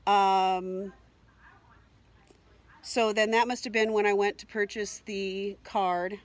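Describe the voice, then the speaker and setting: A woman's voice: mid-range voice, steady tone, takes it slowly. A middle-aged woman vlogger telling an emotional personal story, rambling and upset, with many fillers and repeats.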